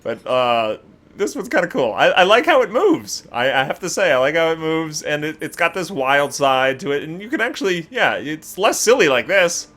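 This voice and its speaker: A man hosting a casual gaming video, reacting with animated exclamations and laughter. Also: a little high, normal speed. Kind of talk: casual game commentary.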